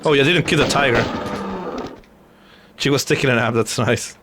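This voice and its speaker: A man's voice: mid-range voice, normal speed, noisy background. A man streaming a video game, chatting casually and laughing often at his own mistakes. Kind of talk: casual live gameplay chat.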